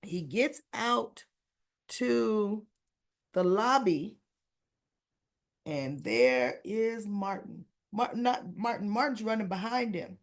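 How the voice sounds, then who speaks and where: Slow, gravelly-voiced woman recapping a soap. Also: mid-range voice, expressive. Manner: chatty storytelling, quoting the characters' lines. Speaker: soap opera recap vlogger. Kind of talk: casual episode recap.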